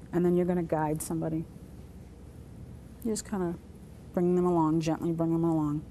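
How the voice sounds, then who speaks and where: A woman with a slightly low voice leads a classroom lesson, calmly walking her students through each sign step by step. Her tone is patient and demonstrative. A faint room hum sits behind her voice. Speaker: sign language teacher. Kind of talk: classroom instruction. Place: community center classroom.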